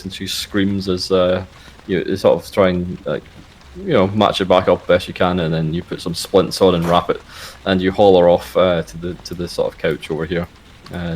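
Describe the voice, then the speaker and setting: Low-voiced guy narrating as game master, laid back, lots of uhs. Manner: relaxed, many fillers.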